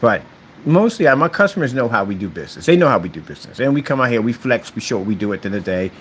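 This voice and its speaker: Hyped-up guy bragging about his business to camera, talks all over the place pitch-wise, slight background hiss. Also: racing. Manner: boastful, animated, trash-talking competitors. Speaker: screen paint company owner. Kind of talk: casual promotional rant to camera.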